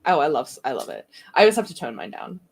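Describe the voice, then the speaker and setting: A woman co-hosting a stream in casual chat, excitable and gushing, with quick jokes. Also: deep voice, vocal fry, slightly rough. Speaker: writer and stream co-host. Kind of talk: casual chat and reading aloud.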